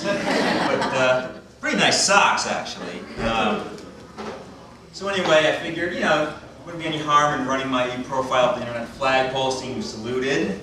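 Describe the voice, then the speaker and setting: A man doing a deadpan, self-deprecating stand-up comedy set. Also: medium pitch, noisy background. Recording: echoey club from far off. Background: crowd laughter.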